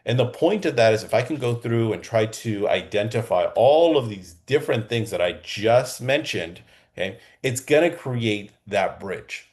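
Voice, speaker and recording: A man coaching real estate agents in a lively, conversational way, often checking in with the listener. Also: medium pitch, moderate pace. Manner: energetic and conversational, keeps checking in with "okay?". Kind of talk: coaching lesson. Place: Southern California.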